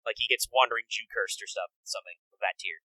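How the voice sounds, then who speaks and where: Man, casual game chat, swearing, bright tone, dry sound. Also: lowish voice, no room sound, poor audio. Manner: animated, swearing, does quick character voices. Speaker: podcast co-host.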